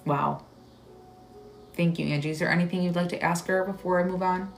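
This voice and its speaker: A woman hosting a live stream as a psychic medium, giving readings in a halting, searching way full of "like"s and growing emotional. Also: on the low side, fairly even intonation, vocal fry, soft background music. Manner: halting, searching delivery with many "like"s; emotional, tearful at moments.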